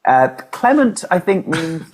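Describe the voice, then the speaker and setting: A man's voice: on the high side, big pitch swings, a little slow, slightly rough. Wordy, self-mocking man. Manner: wordy, self-deprecating, rambling with fillers. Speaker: podcast co-host, musician. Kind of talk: casual chat.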